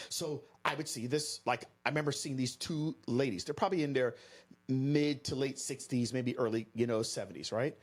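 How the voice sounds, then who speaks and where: A man from Florida, a podcast guest, telling a story in an energetic, emphatic way and talking straight to the listeners. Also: medium pitch, moderate pace, husky. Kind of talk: animated storytelling to an audience.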